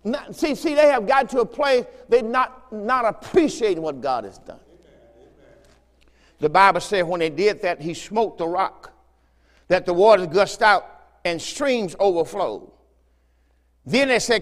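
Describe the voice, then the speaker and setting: A man's voice: sits high, a little slow, pauses often, big-room sound. A man preaching a fervent sermon as pastor, repeating phrases and urging his listeners on. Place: church sanctuary.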